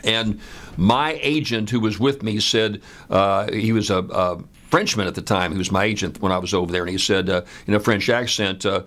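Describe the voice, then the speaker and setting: A man in his seventies from the United States, telling a personal story in an unhurried, conversational way with frequent "uh" fillers. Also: fairly low pitch, steady tone, fairly bright tone. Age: 70s.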